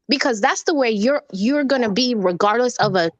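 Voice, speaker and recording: A woman's voice: a little high, moderate pace, few pauses, no echo. A woman from Jamaica speaking as a panelist in a casual discussion, animatedly acting out quotes as she tells stories. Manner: animated storyteller who acts out quotes.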